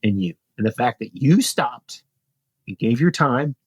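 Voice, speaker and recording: Animated storytelling man, dry sound. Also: medium pitch, a little slow, husky, dry recording. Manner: animated, acts out dialogue in a raised voice. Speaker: podcast guest, retired pro cyclist. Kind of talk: casual storytelling.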